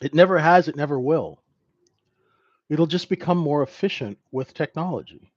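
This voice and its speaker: A man's voice: on the high side, normal speed, no room sound, lo-fi sound. A man teaching a live trading class in a conversational way, who keeps checking in with "right?". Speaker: trading instructor.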